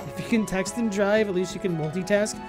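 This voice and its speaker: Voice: mid-range voice, fairly quick, music in the background. A streamer giving casual, joking commentary while playing a game and talking to chat viewers.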